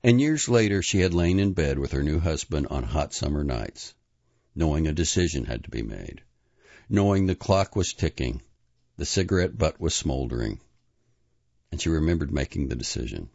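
A man narrating a novel in an expressive storytelling manner, moving between dramatic and hushed delivery. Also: rumbling low, moderate pace, creaky, no room sound, lo-fi sound. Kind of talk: audiobook narration.

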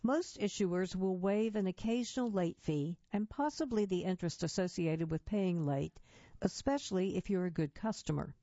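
A woman reads magazine articles aloud at a steady, measured pace. Her voice sits low and mellow. The recording is dry with no room sound, and a little dull and muffled. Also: no room sound.

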